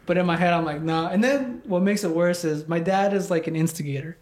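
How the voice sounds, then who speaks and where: A young man with a slightly raised pitch tells a story in loose, casual chat. He rambles and leans on "like" filler after filler, and he swears freely as he vents. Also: brisk, a little mellow. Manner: rambling, heavy use of "like", swears a lot.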